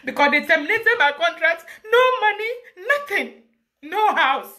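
A woman's voice: extremely high pitch, pushed and bright. A woman with a Ghanaian accent, speaking emphatically and passionately as an interview guest, mixing English with Twi. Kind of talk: emotional personal account.

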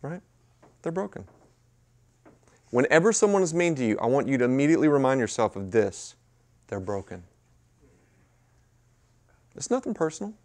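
A man preaching a sermon at a mission chapel, talking in a conversational way with sudden loud bursts and hushed asides. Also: mid-range voice, sing-song, normal speed, long pauses. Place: mission chapel with a live audience.

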